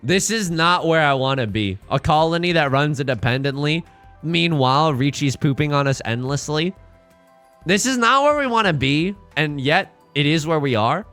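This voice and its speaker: A man streaming a live card-and-tile game, commenting in a jokey, animated way with dramatic outbursts. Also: fairly high pitch, moderate pace, soft background music.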